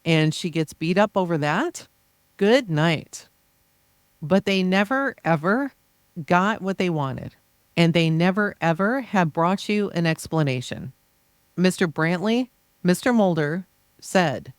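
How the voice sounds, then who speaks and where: A podcast reader voicing a defense attorney's closing argument, forceful and insistent with repeated rhetorical phrases. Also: medium pitch, lively intonation, takes it slowly, smooth, dry recording, studio quality. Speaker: podcast reader of trial transcripts. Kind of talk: reading a courtroom closing argument aloud.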